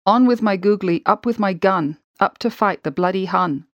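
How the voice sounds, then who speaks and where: A woman's voice: mid-range voice, normal speed, no echo, natural voice. A woman reading the part of a wounded young soldier chanting a sing-song rhyme. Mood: dazed.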